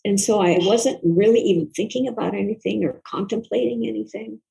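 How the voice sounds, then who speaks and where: Older woman, interview guest, mellow gravelly voice, soft-spoken, earnest, reflective storytelling. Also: mid-range voice, fairly quick, low-quality recording. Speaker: guest, author.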